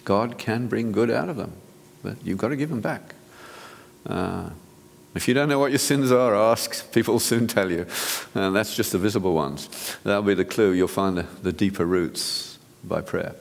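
Deep gravelly man preaching in a hall. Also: moderate pace. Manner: earnest, direct, with frequent restarts. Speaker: physician speaker. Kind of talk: sermon-style talk.

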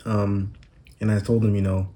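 A young man talks in a loose, rambling way, full of slang, like he is just chatting with a friend. His voice sits low and mellow. The sound is picked up on a phone. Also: flat delivery, normal speed. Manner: laid-back, rambling slang-heavy storytelling. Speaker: podcast host. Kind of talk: casual solo monologue. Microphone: phone recording.

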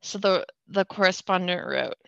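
A woman's voice: fairly low pitch, moderate pace, vocal fry, dry recording, muffled recording. A tipsy woman hosting a podcast, reading a story aloud with giggling asides and apologies. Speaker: podcast host. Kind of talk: casual storytelling chat.

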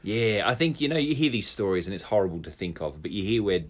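A man's voice: fairly low pitch, fast talker. An Australian man co-hosting a podcast, chatting casually, laughing often and swearing. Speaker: podcast co-host. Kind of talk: casual chat.

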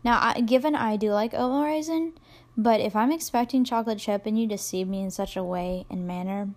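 A woman's voice: mid-range voice, fairly quick, darkish tone. A young adult woman hosting a solo podcast, rambling casually and self-deprecatingly with plenty of fillers. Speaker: podcast host.

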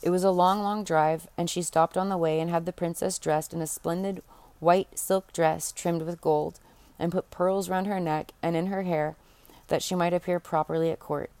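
A woman reads a fairy tale aloud in a homely, unpolished way. She sometimes stops and restarts a phrase. Her voice sits a little low, recorded dry and close. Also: steady tone, moderate pace, darkish tone, no echo. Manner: unpolished, restarts and corrects herself. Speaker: audiobook reader. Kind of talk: storybook narration.

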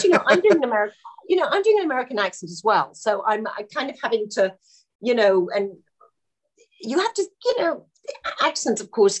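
A woman telling film-set anecdotes in a relaxed interview, often laughing as she talks. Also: medium pitch. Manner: animated, laughing storyteller. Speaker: actress guest.

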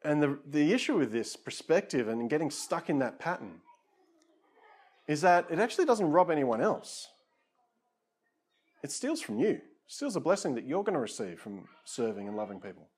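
A man's voice: a little high, big pitch swings, normal speed, slightly rough. A man preaching a conversational sermon, casual and self-deprecating, with frequent asides to his listeners.

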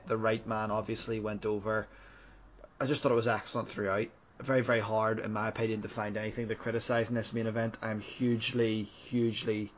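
Low, flat-voiced podcast co-host man. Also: lo-fi sound, slight background noise. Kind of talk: casual wrestling podcast review.

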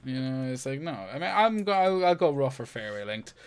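A man's voice: medium pitch, big pitch swings, fairly quick, clean tone. A man co-hosting a casual podcast chat, reading out listener questions, joking and swearing freely. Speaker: podcast co-host.

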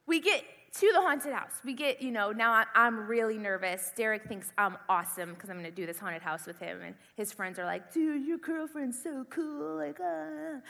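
A young woman preacher telling an animated personal story in a sermon. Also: medium pitch, brisk, few pauses. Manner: animated storytelling, acts out screams and panic. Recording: long hall reverb.

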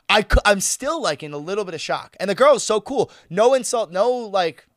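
A man's voice: high-pitched, normal speed, no room sound, clean studio sound. A man telling a story in casual podcast chat, acting out the quoted lines and swearing freely. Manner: animated, swearing, acts out quoted dialogue. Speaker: podcast co-host.

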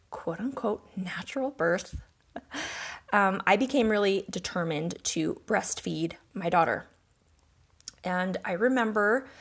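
A woman hosting a podcast, telling a personal story in an earnest, reflective and emotional way. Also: medium pitch. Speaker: podcast host.

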